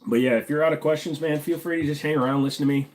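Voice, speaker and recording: A man's voice: fairly high pitch, steady tone, racing, darkish tone. A man from Virginia hosting a casual live Q&A, rambling and joking while he answers chat questions. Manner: rambling, joking, talks while fiddling with gear.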